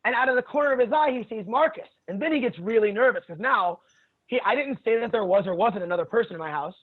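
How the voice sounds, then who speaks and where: A man's voice: sits high, fast. A man who teaches jiu-jitsu, chatting as a podcast guest and telling stories in a blunt, profane way, laughing often. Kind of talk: casual storytelling chat. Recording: tinny phone-like sound.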